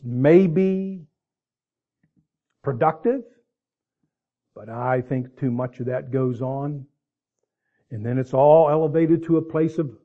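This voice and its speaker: A man's voice: medium pitch, breathy edge, muffled recording. A man preaching a sermon in a conversational way, with asides and restarts, ending in prayer. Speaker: pastor.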